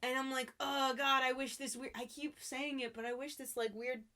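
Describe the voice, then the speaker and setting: A woman's voice: sits high, level tone, moderate pace, pushed and bright. A young woman co-hosting a casual recap podcast, bubbly and laughing often as she acts out quotes. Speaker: podcast co-host.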